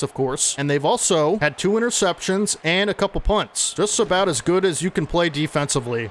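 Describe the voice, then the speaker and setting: A man commentating his own football video game play-by-play, excitable and chatty with his viewers. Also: a little high, slight background noise. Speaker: gaming channel host.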